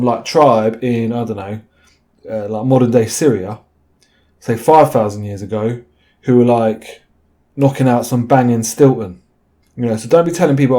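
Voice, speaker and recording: Chatty rambling man, mellow voice. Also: mid-range voice. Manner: chatty, tag questions like "right?", many fillers. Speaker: video host. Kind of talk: rambling casual monologue.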